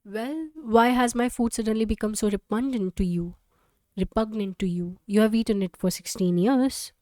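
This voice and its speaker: A woman's voice: mid-range voice, moderate pace, darkish tone, no room sound, natural voice. A woman reading the part of an anxious, suspicious mother who argues with her teenage daughter, defensive and accusing.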